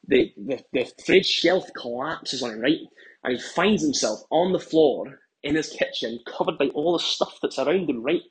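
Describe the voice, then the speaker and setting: A man's voice: on the high side, husky, low-quality recording. A man, telling a rambling comic anecdote as a contestant and acting out the voices of the people in it. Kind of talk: comedic storytelling.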